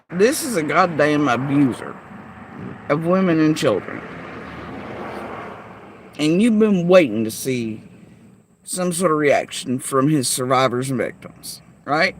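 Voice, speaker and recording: A woman's voice: sits low, big pitch swings, a little slow, long pauses, a little hiss or hum. A woman vlogger in a heated livestream rant, cursing freely and firing confrontational rhetorical questions at her chat.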